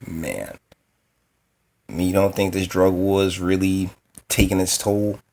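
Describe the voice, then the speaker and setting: A man's voice: low-pitched, steady tone, takes it slowly, mellow. Blunt, exasperated man commenting on the news. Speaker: commentary host. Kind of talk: reacting to news clips and reading an article.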